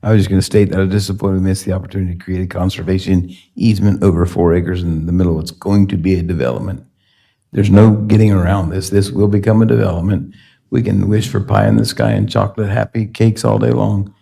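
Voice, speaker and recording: Gravelly man, blunt and resigned. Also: low-pitched, level tone, fast, warm tone. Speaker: board member. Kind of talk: debate at a public board meeting. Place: public meeting room.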